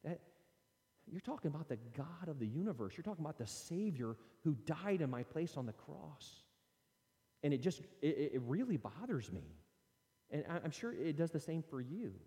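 Male preacher, slightly high and mellow, animated sermon delivery in a reverberant church hall. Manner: animated, conversational preaching with scripture readings.

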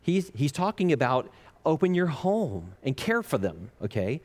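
A man preaching a sermon as a pastor, animated and jokey, laughing often and acting out the lines he quotes. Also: medium pitch, measured pace. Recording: long reverb of a large hall.

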